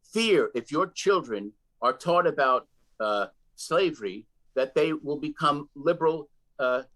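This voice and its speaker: A male guest commentator in a political TV interview. He speaks emphatically, restarting and repeating words mid-sentence. His voice sits somewhat high for a man. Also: expressive, a little slow, a bit bright, poor audio.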